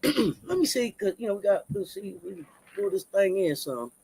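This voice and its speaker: A man co-hosting a live-stream sports talk show, hyped and repetitive, shouting out the chat and stumbling through restarts. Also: high voice, big pitch swings, moderate pace, gravelly, a little hiss or hum.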